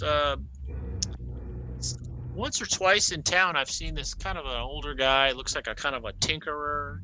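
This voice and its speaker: A man playing a tabletop game, halting and polite in character, joking out of it. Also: medium pitch, low-quality recording. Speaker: player. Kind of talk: casual tabletop role-play.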